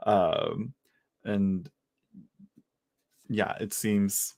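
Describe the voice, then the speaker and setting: A man giving casual live tarot readings to viewers from home, chatty and halting, with frequent restarts and filler words. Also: lowish voice, gravelly, mellow. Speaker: tarot reader.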